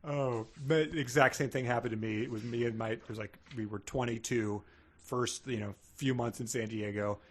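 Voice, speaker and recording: A man in his thirties co-hosting a book podcast, joking and reading passages aloud with mock drama. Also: mid-range voice. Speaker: podcast co-host.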